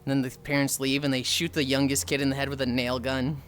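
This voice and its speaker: A young woman livestreamer chatting casually, animated, swearing freely and acting out quotes. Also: rumbling low, fast. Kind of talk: casual chat.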